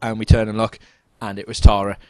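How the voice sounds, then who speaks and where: A man's voice: fairly low pitch, a little fast, dry recording. A man co-hosting a podcast, telling a drunken night-out story in casual chat, laughing and mimicking other people's voices. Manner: animated, laughs through anecdotes, mimics voices. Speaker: podcast co-host.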